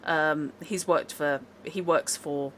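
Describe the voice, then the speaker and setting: A woman narrating as game master of a tabletop game, talking in an unhurried, chatty way with asides. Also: low-pitched, steady tone, fairly bright tone, slight background noise.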